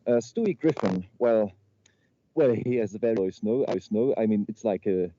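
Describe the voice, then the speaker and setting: This man's lowish, mellow voice has lively intonation and a normal speed as he ad-libs a comedy slide presentation over a video call, stumbling and repeating himself. The sound, captured on a video call microphone, is muffled and lo-fi with faint noise.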